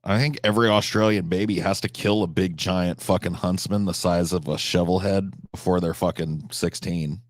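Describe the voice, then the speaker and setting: A deep-voiced man from the United States hosting a live stream. He rambles casually in a blunt way and swears freely. His voice is low, and the close, dry sound has no room echo. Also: steady tone, normal speed, few pauses.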